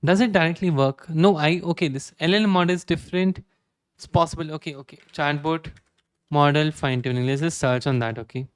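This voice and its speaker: A young man with an Indian accent streaming live code, reading documentation aloud and thinking out loud with many "okay"s. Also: on the high side, fairly quick, clean tone, no echo. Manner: reads docs aloud, frequent "okay" fillers.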